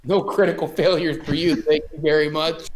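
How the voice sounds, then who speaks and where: A man at a tabletop game trades wry, teasing quips with the game master. His voice sits somewhat higher than usual for a man. The delivery is casual and joking. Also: steady tone, fairly quick, a crowd in the background. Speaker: player.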